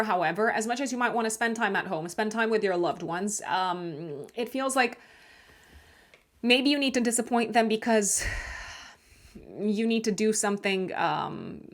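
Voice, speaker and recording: A woman's voice: mid-range voice, a bit bright. A woman hosting a monthly horoscope video, talking casually with many fillers and restarts and laughing at herself now and then. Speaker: astrologer host.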